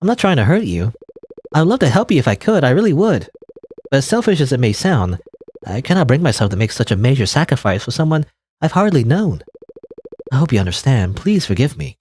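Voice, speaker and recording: A man's voice: mid-range voice, very animated, a little fast, a little mellow, breathy edge. A man reading the lines of an earnest, polite young woman heroine in a game, apologetic and anxious.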